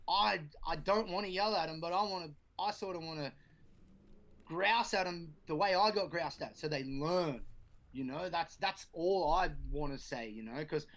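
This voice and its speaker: A man's voice: a little high, moderate pace, a bit bright. A man, a guest BMX rider, chatting casually and telling a sweary story, acting out quotes. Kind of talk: casual podcast chat.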